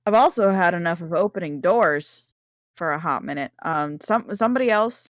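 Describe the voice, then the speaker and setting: A woman's voice: lowish voice, lively intonation, moderate pace, no echo, studio quality. A woman player chatting and describing her character's actions in a casual tabletop game. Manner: playful, chatty.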